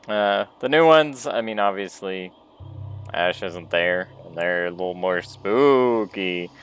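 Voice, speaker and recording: A man's voice: deep voice, slow pace, fairly bright tone, clean tone. A man musing offhandedly as he comments on a game he is playing. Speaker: let's play host. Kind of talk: casual gameplay commentary.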